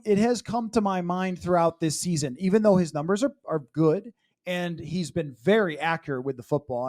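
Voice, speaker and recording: High-voiced wry podcast host man. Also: darkish tone. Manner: chatty, wry, asks questions. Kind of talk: casual podcast round table.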